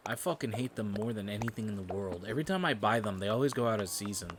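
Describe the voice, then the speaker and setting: A man's voice: on the low side, lively intonation, a little fast. A man streaming a video game, chatting casually in a rambling, profane, joking way. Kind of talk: casual gaming stream chat. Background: game music.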